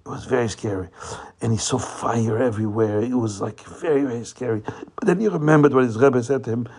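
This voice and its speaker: A man telling a religious folk tale in an animated way, often repeating phrases for emphasis. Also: mid-range voice, brisk, slightly rough. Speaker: storyteller.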